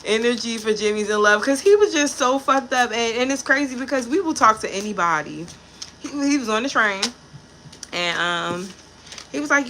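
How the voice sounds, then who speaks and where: A woman's voice: a little high, animated, moderate pace, sharp tone, a little hiss or hum. A woman giving a casual tarot reading to camera, blunt and profane, with chatty asides about people she has met. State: pregnant. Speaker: tarot reader.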